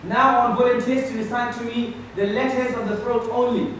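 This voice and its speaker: A man's voice: very high-pitched, steady tone, fairly quick, a bit bright. A man teaching a class, patiently drilling students in call and response and explaining with simple words. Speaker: Quran teacher. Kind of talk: classroom tajweed lesson. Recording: echoey room from far off, crowd noise.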